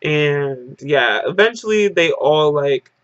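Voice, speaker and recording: A woman's voice: sits low, animated, takes it slowly, no room sound, muffled recording. A woman vlogger telling a casual story-time monologue, rambling and dramatic, with "like" in nearly every phrase. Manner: dramatic retelling.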